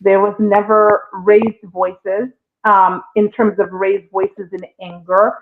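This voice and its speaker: A woman's voice: mid-range voice, flat delivery, slow pace, vocal fry, a little hiss or hum. A woman hosting a casual relationship talk show, speaking expressively and addressing the listeners directly. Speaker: host. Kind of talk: casual podcast discussion. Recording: tinny phone-like sound.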